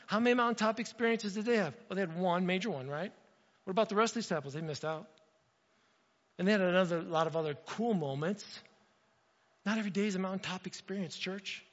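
A man's voice: high voice, fairly bright tone, in a large hall, muffled recording. A man preaching a sermon as pastor, in a conversational way that often turns straight to the congregation. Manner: conversational, addresses the congregation directly.

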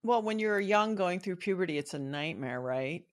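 A woman's voice: on the low side, expressive, moderate pace. A middle-aged woman speaking as a guest in a casual interview, reflective and earnest, often restarting her sentences.

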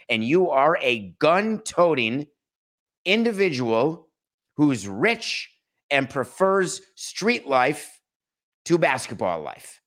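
A man hosting a sports podcast, talking in a dry, mocking tone with deliberate pauses for emphasis. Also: a little high, big pitch swings, a bit bright. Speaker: podcast host. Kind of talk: sarcastic sports commentary.

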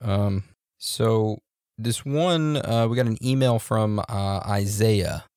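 A man co-hosting a podcast in a relaxed, joking way, reading out listener reviews with loose fillers and laughs. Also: lowish voice, slow, dry recording, clean studio sound. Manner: laid-back, laughs and jokes, loose fillers. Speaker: podcast co-host.

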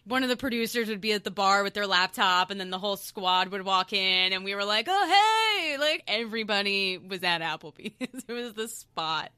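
A chatty woman talks casually as a podcast guest. Her voice is bright and crisp, and she laughs easily. The sound is dry, with no room echo. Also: medium pitch, fairly even intonation, brisk, few pauses. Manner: chatty, laughs often, says "like" a lot. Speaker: guest, TV show co-star.

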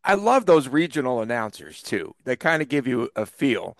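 A man from the East Coast co-hosting a sports podcast, chatting casually and telling animated stories with frequent laughs. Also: medium pitch, normal speed, vocal fry, no echo, studio quality. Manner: laughs often, animated storyteller. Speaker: podcast co-host.

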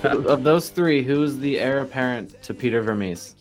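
Guy hosting a sports podcast, joking around and laughing a lot, middle pitch, faint music under it. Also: moderate pace. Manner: playful, jokey, laughs often. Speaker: podcast host. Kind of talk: casual sports chat.

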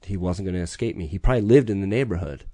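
Middle-aged man; low, mellow voice; intense, profane, urgent storyteller; dry recording. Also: animated, rapid-fire, no room sound. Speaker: podcast guest. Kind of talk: storytelling in conversation.

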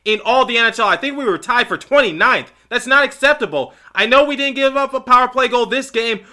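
A man's voice: very high-pitched, brisk, bright, forceful tone. A man hosting a solo hockey podcast, ranting in exasperation and lecturing the team directly. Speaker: sports podcast host. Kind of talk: solo hockey commentary rant.

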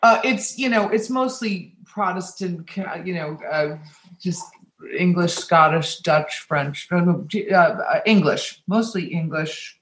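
A woman's voice: on the low side, measured pace. Self-deprecating woman guest, roomy echo. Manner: self-deprecating, swears freely. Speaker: guest, actress. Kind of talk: casual chat.

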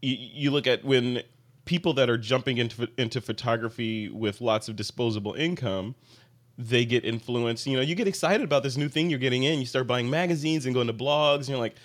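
A man hosting a casual podcast panel, with a voice of ordinary middle pitch. He talks in an animated, playful way and acts out the people he describes. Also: brisk. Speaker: podcast host.

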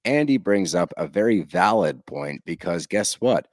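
A man co-hosting a casual recap podcast, profane and animated, who acts out quotes in sudden high bursts. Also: moderate pace, few pauses, no echo, studio quality. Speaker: podcast co-host.

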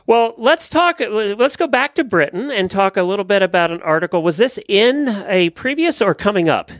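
A podcast host running a casual interview, chiming in quickly and laughing often. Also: mid-range voice, expressive, no echo.

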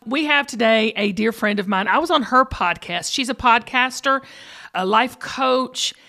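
A woman's voice: on the high side, moderate pace, gravelly, pushed and bright. A woman hosting a podcast, chatty and playful, teasing her co-host and guests. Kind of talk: casual chat.

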